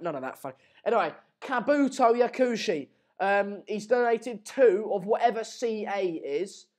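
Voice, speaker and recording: A man's voice: high-pitched, a little mellow. A young man hosting a live football match stream, chatting casually and energetically in a rambling, self-mocking way.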